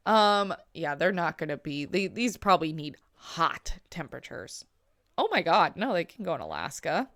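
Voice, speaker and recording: A woman's voice: lowish voice, fairly bright tone, no room sound. A woman streaming a zoo-building game, chatting casually to herself and her animals with lots of fillers. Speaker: gameplay streamer. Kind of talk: casual gaming commentary.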